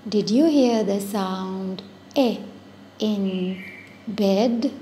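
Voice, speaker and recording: A woman teaching phonics at a very slow, deliberate pace, saying each word twice and sounding it out. Her voice is mellow and soft. A faint hiss sits under the recording. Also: mid-range voice. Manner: repeats each word, stretches sounds out slowly. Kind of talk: slow, patient phonics lesson for young children.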